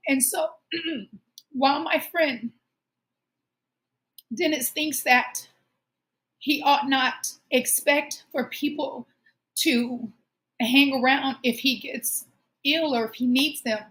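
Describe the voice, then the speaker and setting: A woman's voice: on the high side, fairly bright tone. A woman hosting her own show, speaking earnestly and encouragingly in a heartfelt personal monologue. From Omaha, United States. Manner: earnest, encouraging, emotional at times. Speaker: show host.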